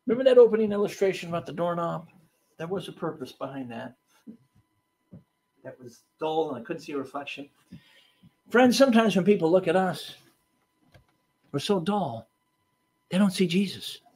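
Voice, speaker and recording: High-voiced man preaching a sermon. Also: animated, normal speed, long pauses, breathy edge. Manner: emphatic preaching with sudden swings between loud and hushed; storytelling asides with fillers.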